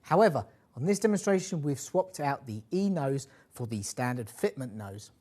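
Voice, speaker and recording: A man introducing a product demonstration, setting out each part in a steady, measured voice. He explains the kit step by step like a trade presenter. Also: mid-range voice.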